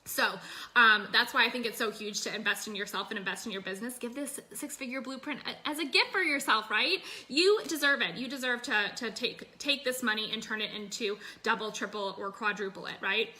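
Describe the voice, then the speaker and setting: A woman's voice: on the high side, fairly quick, bright, forceful tone. A woman business coach talking casually and energetically to her online group from her phone, full of fillers and "you guys".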